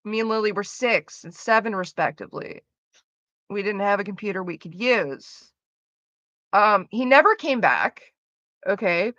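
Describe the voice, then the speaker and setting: A woman's voice: mid-range voice, lively intonation, measured pace, bright, forceful tone, dry recording, highs cut off. A woman streamer chatting casually with her viewers, profane, sarcastic and ranting. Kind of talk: casual chat.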